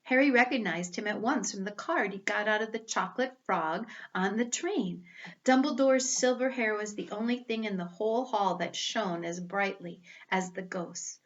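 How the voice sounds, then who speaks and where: A woman reading a storybook aloud with careful, expressive delivery. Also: mid-range voice, moderate pace, dull audio.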